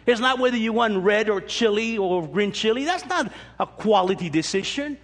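A man preaching a sermon as pastor, animated, acting out quoted voices with joking asides. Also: high voice, normal speed. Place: church sanctuary. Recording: long echo of a large hall.

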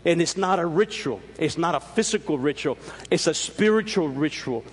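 A man's voice: animated, normal speed, slightly rough, in a large hall. A man preaching a sermon as pastor, swinging his voice up and down as he explains scripture. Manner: preaching with sweeping rises and drops in pitch.

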